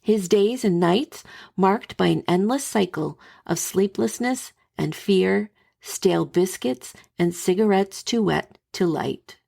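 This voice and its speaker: A woman podcast host reading a scripted historical narration in a measured, dramatic storytelling manner. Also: medium pitch, gravelly, mellow.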